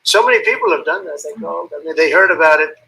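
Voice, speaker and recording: Gravelly bright-voiced man rambling off the cuff. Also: fairly high pitch, quick pace, slight background noise, rough recording. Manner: rambling, ad-libbing, calling out guests by name; boastful, praising superlatives. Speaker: head of state addressing assembled leaders. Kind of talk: off-the-cuff ceremonial speech.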